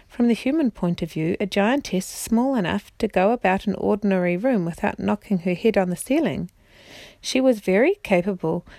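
Woman reading a bedtime chapter book to her kids, gentle and unhurried, a bit of gravel in her voice, dry close sound. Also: medium pitch, no room sound. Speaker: parent reading aloud. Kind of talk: storybook reading aloud.

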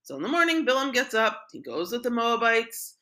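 Bright-voiced woman teaching casually. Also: a little high, sing-song, fairly quick. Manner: conversational, frequent "right?" and "like" asides. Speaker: Torah teacher. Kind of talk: informal Torah lesson.

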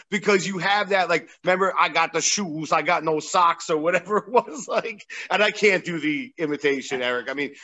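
A man's voice: fairly high pitch, fairly bright tone. A male podcast host talking in a casual interview, enthusiastic and full of praise, often laughing. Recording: dull lo-fi sound.

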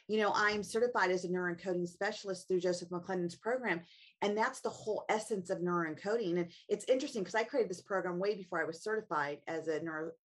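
A middle-aged woman, a family coach and author, speaking earnestly as an interview guest and asking herself reflective questions. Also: medium pitch. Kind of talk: interview guest, personal storytelling.

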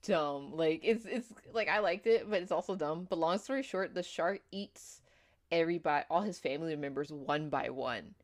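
A young woman on a podcast tells a movie's plot in a loose, rambling way, full of fillers and restarts. She slips into quick voices for the characters as she goes. Her voice sits a little low. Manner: rambling storyteller, many fillers, acts out quotes. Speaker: podcast co-host. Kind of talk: casual movie recap chat.

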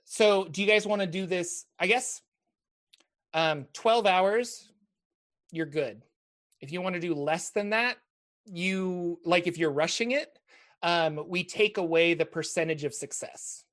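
A man's voice: high-pitched, unhurried, fairly bright tone. A man running a tabletop game as dungeon master, explaining rules at an easy pace with many ums and uhs.

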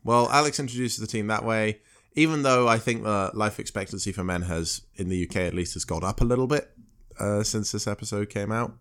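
A man co-hosting a casual podcast, recapping a TV episode in a halting, hesitant way with many pauses and self-corrections. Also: fairly low pitch, a bit bright. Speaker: podcast co-host.

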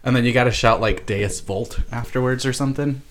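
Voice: medium pitch, steady tone, fast, a little hiss or hum. A friend teasing and riffing playfully in a casual chat.

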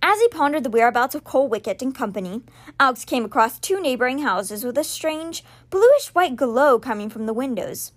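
A woman hosting a podcast, reading a children's novel aloud with expressive storytelling. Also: sits high, fairly quick. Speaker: podcast reader.

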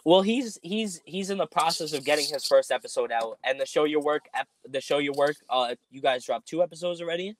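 A man's voice: fairly high pitch, lively intonation, a little fast, few pauses. A man hosting a casual podcast, rambling with lots of ums while making announcements. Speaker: podcast host.

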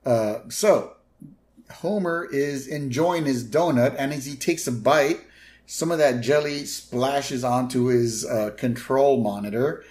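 A man's voice: slow, a little mellow. Guy on a podcast going through an episode scene by scene, chatty, now and then jumps into silly character voices. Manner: retells scenes, briefly mimicking characters in higher voices. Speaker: podcast co-host. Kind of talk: casual episode recap chat.

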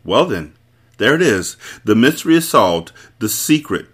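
A man's voice: lowish voice, big pitch swings, moderate pace, fairly bright tone, breathy edge, full character voice. A man reading aloud, voicing a haughty, seductive countess with a teasing, languid drawl.

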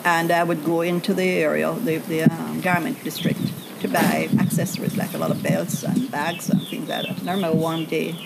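Jamaican woman telling a story, gravelly. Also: sits low, fairly quick. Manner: animated storyteller, acts out quoted voices. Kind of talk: casual storytelling chat. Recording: loud background noise.

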